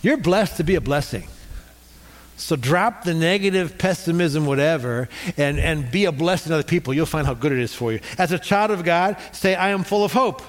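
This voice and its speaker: A man's voice: fairly high pitch, lively intonation, fairly quick. A middle-aged male pastor preaching a sermon, leading the congregation in call-and-response.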